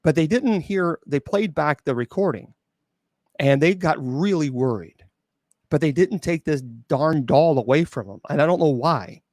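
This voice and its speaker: A bishop telling a haunting tale. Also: male voice, fairly high pitch, expressive, darkish tone, dry recording, studio quality. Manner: halting, with many restarts and fillers; incredulous, emphatic asides. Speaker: bishop and exorcist. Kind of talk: storytelling at an open mic.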